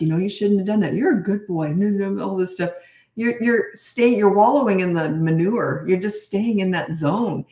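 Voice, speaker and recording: A middle-aged woman parenting coach answering questions in a blunt, brisk, no-nonsense way. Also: medium pitch, a little mellow. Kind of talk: casual Q&A advice. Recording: echoey room.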